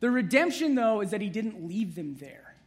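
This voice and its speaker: A man's voice: sits high, sing-song, moderate pace. A man, preaching a conversational sermon with humorous asides to the congregation. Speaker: pastor.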